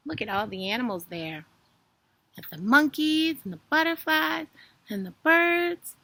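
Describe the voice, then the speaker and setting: A woman's voice: sits high, expressive, unhurried, bright, forceful tone, no room sound. A young woman reading a story and doing animal flashcards for toddlers in a sing-song, exaggerated way. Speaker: children's video host.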